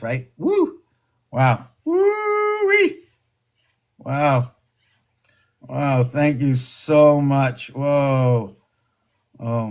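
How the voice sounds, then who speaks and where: Excitable guy rambling on his live stream, mid-pitched voice that flips up squeaky high now and then. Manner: slips into a squeaky high falsetto and back; excitable, exclaims and gasps. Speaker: livestream host.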